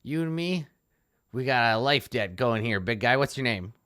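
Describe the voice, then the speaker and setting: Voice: animated, normal speed, fairly bright tone, smooth, lightly acted. A game master voicing a scrawny, half-starved female goblin, brash and pushy, in a tabletop game. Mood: cocky. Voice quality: very high, squeaky. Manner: brassy and pushy.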